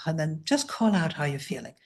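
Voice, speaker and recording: Breathy, gentle woman teaching meditation. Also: deep voice, very animated, measured pace. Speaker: meditation teacher leading a live session. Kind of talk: calm teaching on a video call. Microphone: video call.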